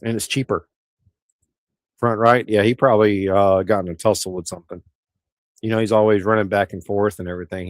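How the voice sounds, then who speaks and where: Brief: middle-aged male streamer, rambling, easygoing chat, deeper voice. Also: dry recording. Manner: rambling, easygoing, with frequent restarts. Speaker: livestream host. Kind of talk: casual livestream chat answering viewer comments.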